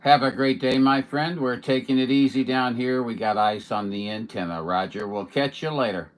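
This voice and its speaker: A man chatting casually on a CB radio from home, in a relaxed, chatty way and somewhat hoarse. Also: mid-range voice, normal speed. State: losing his voice. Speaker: CB radio operator. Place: home radio station in Missouri.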